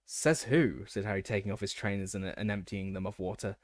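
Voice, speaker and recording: A man's voice: fairly low pitch, a little fast, no room sound, studio quality, natural voice. A man voicing a tired, hungry teenage boy wizard in an audiobook reading, in a plain everyday voice. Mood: weary.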